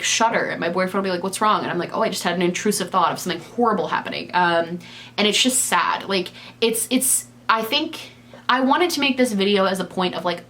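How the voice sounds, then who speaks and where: Candid young woman vlogging, halting restarts. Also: fairly low pitch, fairly bright tone. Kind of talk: casual confessional chat.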